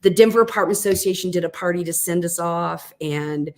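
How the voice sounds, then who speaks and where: A middle-aged woman, a guest on a podcast, telling a story in a chatty, animated way with lots of fillers. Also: fairly low pitch, fairly quick. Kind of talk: casual storytelling.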